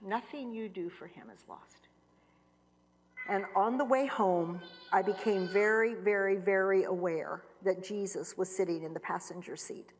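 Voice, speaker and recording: A middle-aged woman giving an earnest personal testimony, repeating phrases for emphasis and dropping to hushed tones. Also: medium pitch, a little slow, a little hiss or hum. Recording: long reverb of a large hall.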